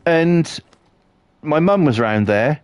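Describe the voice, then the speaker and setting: A man's voice: on the high side, animated, slow pace, darkish tone, no echo, studio quality. Blunt, sweary British man streaming. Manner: blunt, swears freely, laughs often. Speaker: live game streamer. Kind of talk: casual live-stream chat.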